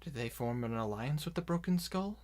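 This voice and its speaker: A man voicing a worried woman ally in a tabletop game, speaking quietly and anxiously. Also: medium pitch, measured pace, lightly acted.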